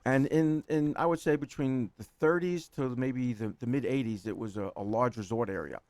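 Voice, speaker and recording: A man's voice: medium pitch, moderate pace, a little mellow, dry recording. A man in his sixties from New York City with a New York accent, rambling as a guest in a casual chat, laughing often and repeating words.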